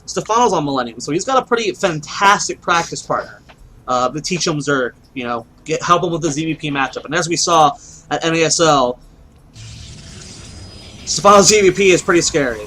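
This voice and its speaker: A man commentates a strategy game match alone, explaining builds and musing aloud with questions to himself. His voice sits a little high and sounds bright and forward. A faint background hum runs under the recording. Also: lively intonation, fairly quick, low-quality recording. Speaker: esports caster. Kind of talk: solo play-by-play commentary.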